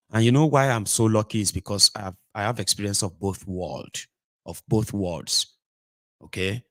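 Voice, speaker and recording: A Nigerian man hosting a casual livestream monologue from a home studio, animated, slipping into pidgin and acting out little scenes. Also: lowish voice, moderate pace, no room sound. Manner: animated, mixes pidgin and Yoruba, acts out voices. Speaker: host.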